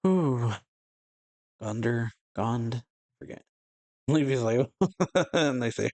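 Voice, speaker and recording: A man's voice: mid-range voice, lively intonation, slow pace, pauses often, a little mellow, dry recording. A man reading comic dialogue aloud in a casual, plain way, chuckling often between lines. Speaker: reaction channel host.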